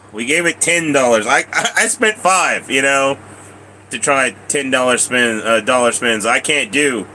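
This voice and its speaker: A man's voice: medium pitch, animated, takes it slowly, long pauses, sharp tone, a little hiss or hum. A man streaming himself at slot machines, out of breath, coughing often and grumbling at the machine in casual chat. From Colorado, USA.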